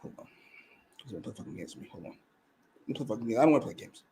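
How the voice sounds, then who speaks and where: A man's voice: on the low side, lively intonation, rapid-fire, creaky, dark tone, a little hiss or hum. A man co-hosting a wrestling review show, casual and heated, arguing and swearing in exasperation. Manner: exasperated, profane, argumentative. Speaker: co-host.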